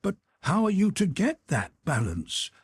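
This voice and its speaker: A man narrating an audiobook voices an eager, warm-hearted young man. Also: fairly high pitch, huge pitch swings, measured pace, husky, dry recording, studio quality, voice pushed up, full character voice.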